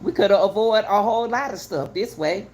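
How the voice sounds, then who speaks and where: A woman's voice: mid-range voice, fairly quick, a little mellow. A middle-aged woman giving heated, casual commentary to her viewers, repeating herself for emphasis. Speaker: channel host commenting on a news case.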